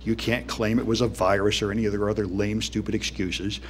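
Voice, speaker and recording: A man's voice: on the low side, little pitch movement, fairly quick, slight background noise. A man giving a conference talk in a wry, dismissive, conversational way, with plenty of "um"s and "anyway"s. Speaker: conference speaker. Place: conference hall.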